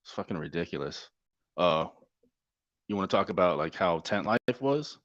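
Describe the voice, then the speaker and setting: Guest, male, middle-aged, deep and gravelly low register, profane easygoing storyteller, muffled dry lo-fi line. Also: expressive, moderate pace, fairly bright tone, no echo. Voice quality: profane, laid-back storyteller. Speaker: Navy corpsman guest. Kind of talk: casual storytelling interview. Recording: dull, dry lo-fi sound.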